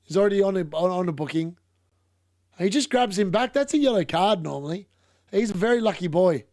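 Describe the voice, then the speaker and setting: A man's voice: sits high, expressive, brisk, a little mellow, dry recording, studio quality. A young man streaming a live football watchalong, chatting casually, laughing and reading out chat. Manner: casual, chatty, laughs often, uses "mate".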